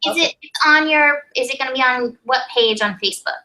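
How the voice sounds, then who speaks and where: A woman co-hosting a web show, upbeat and quick to laugh as she chats and promotes the show. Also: high voice, bright, forceful tone, rough recording. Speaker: co-host.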